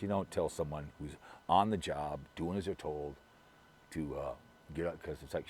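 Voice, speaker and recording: A middle-aged man with a very low, deep voice rambles through a casual vlog, repeating himself and restarting sentences as he gossips. Soft background ambience sits behind him. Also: normal speed, a little hiss or hum. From Minnesota, US. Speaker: vlogger.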